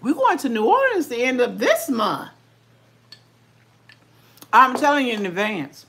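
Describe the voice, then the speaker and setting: A woman's voice: fairly high pitch, wildly swooping pitch, a little slow, a bit bright. An older woman, chatting casually with viewers while eating, folksy and talkative. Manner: folksy, chatty, talks with mouth full. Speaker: vlogger.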